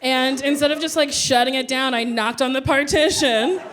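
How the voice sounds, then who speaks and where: A woman comedian telling a stand-up story with animated, loud acted-out quotes. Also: sits high, moderate pace, soft background music.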